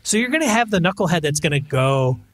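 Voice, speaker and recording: Male podcast co-host, conversational, slightly husky, lively pitch. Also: fast, no room sound. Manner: conversational, asks follow-up questions. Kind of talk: casual podcast chat.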